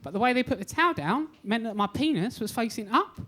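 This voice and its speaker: A man's voice: very high-pitched, expressive, a little fast, fairly bright tone. A young man doing a stand-up comedy set on a club stage, telling self-deprecating stories with a cheeky edge. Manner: cheeky, self-deprecating storytelling with acted-out quotes.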